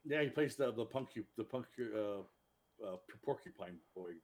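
A man co-hosting a podcast in casual chat, opinionated and quick to react. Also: mid-range voice, lively intonation, a little mellow. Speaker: podcast co-host.

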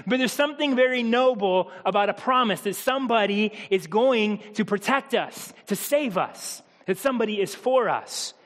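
In a church hall with long reverb, a pastor delivers a humorous, conversational sermon straight to his congregation. His high-pitched voice is a bit bright, with lively intonation and a moderate pace.

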